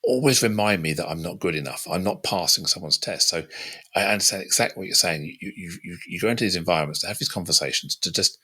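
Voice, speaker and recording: Low-pitched, husky man; earnest, animated podcast talker. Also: fast. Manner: earnest, animated, repeats words when restarting. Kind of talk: casual podcast conversation. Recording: podcast audio.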